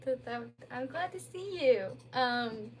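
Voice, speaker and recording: A young woman on a livestream talks casually from home into a phone, rambling and saying "like" constantly. Her high voice is expressive and a little mellow, she takes it slowly, and slight background noise is present.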